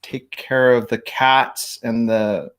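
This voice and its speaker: A man's voice: mid-range voice, takes it slowly, clear, resonant tone. Guy in his 40s on a video call, laid back, jokey, lots of uhs. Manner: relaxed, joking, hesitant with fillers. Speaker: guest, high school teacher. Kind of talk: casual interview chat.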